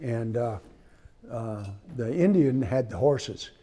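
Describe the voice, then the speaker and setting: Halting, rambling man telling a hunting story. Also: medium pitch, animated, mellow. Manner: rambling, halting with many restarts. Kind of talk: casual storytelling. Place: indoors, room with his trophy rug on the wall.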